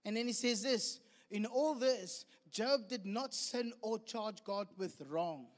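A man with a South African English accent preaching a sermon, animated, acting out the voices of the people he quotes. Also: sits high, slow pace. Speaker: pastor. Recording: long hall reverb.

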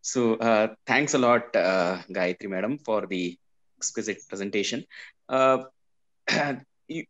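A man's voice: on the low side, unhurried, fairly bright tone. A man asking a question on a video call, formal and hesitant with frequent fillers. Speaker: audience member asking a question. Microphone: video call, distant from mic. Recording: distant, dull video-call audio.

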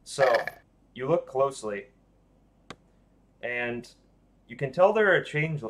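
A man narrates a tabletop game as dungeon master, talking over a voice call. He speaks at an everyday middle pitch and in a loose, halting way, full of ums and restarts. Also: animated, slight background noise.

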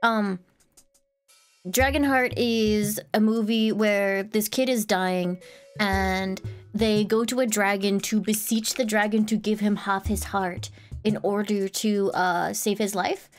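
A woman's voice: mid-range voice, fairly even intonation, takes it slowly, faint music behind. A woman streamer in casual chat, rambling and giggling as she retells a movie scene.

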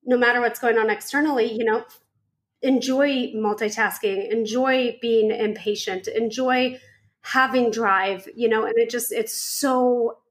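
A woman hosts a podcast interview in a chatty, informal way. She talks loosely and fills her sentences with fillers. Her voice is on the high side for a woman. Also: steady tone, measured pace. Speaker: podcast host. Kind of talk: casual interview chat.

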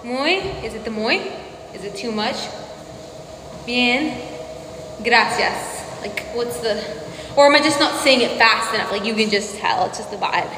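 Young woman, twenties, high voice, playful sing-songy live-stream chat, echoey room. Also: measured pace, long pauses, bright, forceful tone. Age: 20s. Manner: playful, sing-songy, breaks into humming and mock Spanish. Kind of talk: casual live-stream chat while walking on a treadmill. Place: indoor home room with treadmill. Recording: echoey room, slight hall tail, faint noise.

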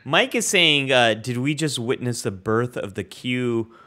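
Lively man reading viewer comments. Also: medium pitch, unhurried. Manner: reads viewer comments aloud, lively and upbeat. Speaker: co-host. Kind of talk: casual livestream chat.

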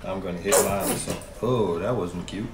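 Deep-voiced joking man in an echoey room. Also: normal speed. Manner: playful and joking. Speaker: mukbang co-host. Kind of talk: casual eating-show chat. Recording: echoey room with clear background noise.

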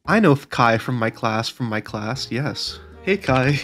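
A man at an ordinary mid pitch reads chatbot replies aloud as casual commentary. He keeps breaking into laughter, swears freely and slows down to mock the lines. Faint music plays underneath. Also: fairly bright tone. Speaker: YouTuber.

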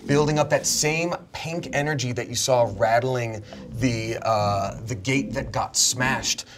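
A man's voice: medium pitch, unhurried, over music. Man narrating a tabletop game. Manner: lively storytelling, drops to a hush for tense moments. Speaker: game master. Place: studio.

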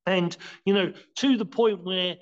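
A high-pitched man talks casually as a podcast guest, teaching martial arts ideas in halting bursts. He trips over his words, restarts often, and leans on fillers as he explains. The audio is dull and lo-fi. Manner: halting, many restarts and "you know"s; explains by acting out scenes.

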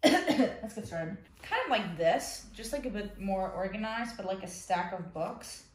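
Excitable young woman crafting in an echoey room. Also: medium pitch, unhurried, slight background noise. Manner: excitable, gasping, talks herself through each step. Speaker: book vlogger. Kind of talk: casual crafting commentary. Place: room at home. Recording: echoey room with faint clicks.

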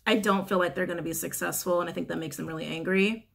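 A woman giving a casual, animated tarot reading to camera, often breaking into giggles and swearing freely. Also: on the low side, quick pace, vocal fry, slight background noise. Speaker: tarot reader.

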